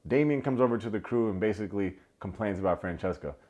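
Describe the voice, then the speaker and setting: Casual young male recap host, low-pitched, gossipy and full of "like" and asides. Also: quick pace, darkish tone. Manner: chatty, heavy use of "like", playful asides.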